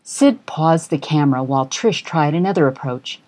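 A woman narrating a humorous short story for an audiobook in an even storytelling manner. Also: deep voice, moderate pace. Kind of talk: scripted narration.

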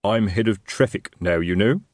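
A man's voice: on the low side, normal speed, no room sound, studio quality, close to an everyday voice. A man playing a middle-aged city watch sergeant who talks expansively and self-importantly in a working-class way.

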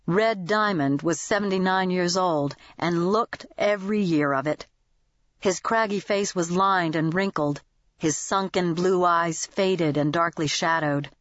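A woman narrating a novel as an audiobook reader, in even, scripted storytelling. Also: lowish voice, measured pace, no echo, dull audio.

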